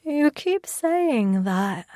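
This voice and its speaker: A woman's voice: mid-range voice, expressive, slow pace, dry recording, clean studio sound, pitched above the performer's own voice. A woman voicing an injured young woman who is shaky and pleading. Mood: tearful, pleading. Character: hurt, tearful young woman in hospital.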